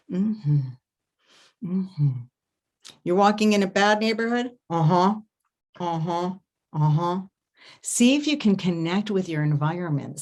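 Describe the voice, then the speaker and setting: A woman giving an online workshop talk as an intimacy coach, animated and expressive, often humming and murmuring to demonstrate sounds. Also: mid-range voice. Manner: animated storytelling, laughs often. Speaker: intimacy coach and festival presenter. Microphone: home setup, online stream.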